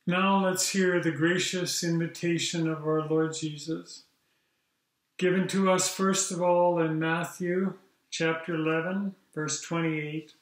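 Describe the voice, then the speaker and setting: Slow-speaking pastor in an echoey church. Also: male voice, fairly high pitch, fairly even intonation. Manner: slow, measured reading with small fillers. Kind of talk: church service liturgy and scripture reading.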